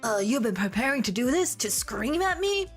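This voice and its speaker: A woman doing a whiny exasperated dark wizard. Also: on the high side, very animated, normal speed, faint music behind, voice pushed up.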